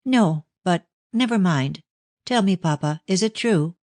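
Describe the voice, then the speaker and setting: A man's voice: high voice, animated, unhurried, a little mellow, dry recording, studio quality, voice pushed up. A man voicing an anxious young Victorian daughter who pleads earnestly with her father in an audiobook. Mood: distressed. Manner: pleading, raised and earnest delivery. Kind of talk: audiobook reading of a novel.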